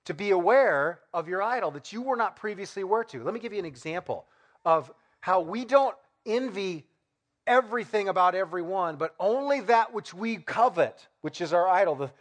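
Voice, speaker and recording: High-pitched guy preaching, talks to the crowd casual like, acts out little scenes. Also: animated, moderate pace. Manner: conversational preaching with rhetorical questions and acted-out examples. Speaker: pastor. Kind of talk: sermon.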